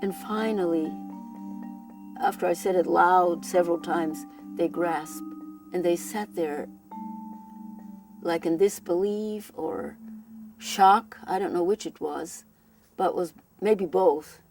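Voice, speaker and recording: An elderly woman from Europe recounts her own story in a slightly low voice, earnest and halting, often circling back on her words. Soft instrumental music plays clearly beneath her. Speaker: Holocaust survivor giving testimony. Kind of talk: personal testimony, recalled aloud.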